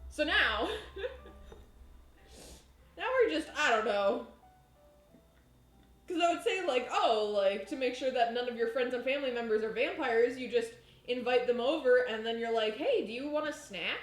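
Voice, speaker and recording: A woman's voice: fairly high pitch, moderate pace, pauses often, soft background music. A woman chatting casually on a live cooking stream in her home kitchen, rambling and laughing often. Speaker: baking streamer. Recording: echoey room.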